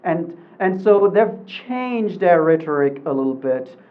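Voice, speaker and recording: A panelist answering a question in a measured way, trailing off quietly at the ends of phrases. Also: medium pitch, expressive, dull audio. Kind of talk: panel discussion.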